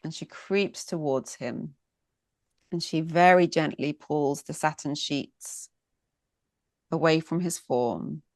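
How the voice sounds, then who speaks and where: A woman storyteller telling a myth in a dramatic, unhurried way, lingering with pauses on vivid sensual detail. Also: low voice, dry recording, studio quality.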